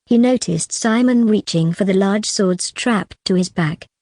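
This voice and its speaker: Mellow woman narrating an audiobook. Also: mid-range voice, a little slow, dry recording, studio quality. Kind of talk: scripted fantasy narration.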